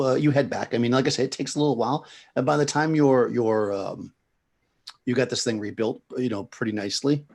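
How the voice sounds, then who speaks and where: A man runs a tabletop game, talking through scenes in a rambling way. His voice is low, with gravelly fry and a husky edge. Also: a little mellow. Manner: rambling, full of fillers and restarts. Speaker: game master.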